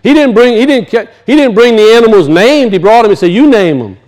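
High-voiced man preaching a sermon. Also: expressive. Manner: emphatic, slows to teach words, drops low and soft for weight.

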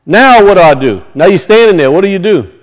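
High-voiced man preaching a sermon. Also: lively intonation, fairly quick, low-quality recording. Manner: emphatic, asks and answers his own questions. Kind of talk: sermon teaching on scripture.

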